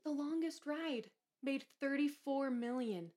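Woman cohost, fun casual chat, kinda high voice, giggly trivia reading. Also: a little slow, a little mellow. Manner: playful, laughs while reading out movie trivia. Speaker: podcast co-host.

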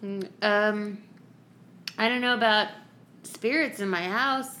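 A woman's voice: medium pitch, takes it slowly, pushed and bright. A woman co-hosting a casual podcast chat, giggly and easily flustered. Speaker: podcast co-host.

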